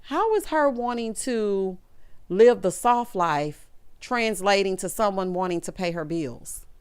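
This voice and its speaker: A woman's voice: mid-range voice, lively intonation, measured pace, clear, resonant tone, dry recording, studio quality. A woman hosting a reality TV recap, talking casually, blunt and sassy, scolding the cast and calling listeners honey. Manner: calls viewers honey and baby.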